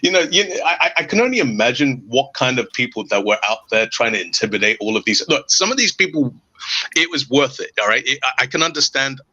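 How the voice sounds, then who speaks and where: Podcast host, man: animated, sarcastic ranter, bright-toned. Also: medium pitch, fast talker. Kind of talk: casual podcast chat. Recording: dull lo-fi audio.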